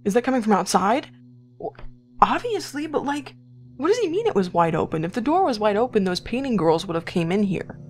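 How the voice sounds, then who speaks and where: A young woman giving casual, excitable commentary while playing a horror game, gasping and exclaiming often. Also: medium pitch, fairly quick, soft background music. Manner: excitable, gasps and frequent exclamations. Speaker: let's play gamer.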